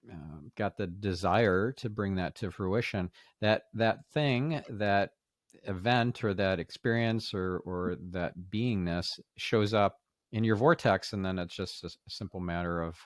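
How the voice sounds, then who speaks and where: A man with a very low voice hosts a podcast interview. He is recorded dry and close, and thinks aloud in a halting way. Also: no room sound. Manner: thoughtful, with many fillers and restarts. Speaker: podcast host. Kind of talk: interview conversation.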